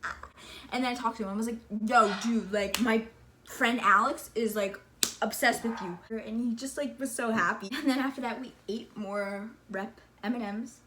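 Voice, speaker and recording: A woman telling a story in a casual vlog, excitable and gushing, filling her talk with "like" and calling her listener "sister.". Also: fairly high pitch, a little fast, noisy background. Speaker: vlogger.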